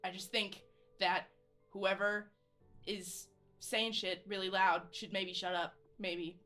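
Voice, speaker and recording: A woman with a bright, tense voice plays her character in a tabletop game. She narrates in a halting, emotional way. Faint music sits underneath. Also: mid-range voice, flat delivery. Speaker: player.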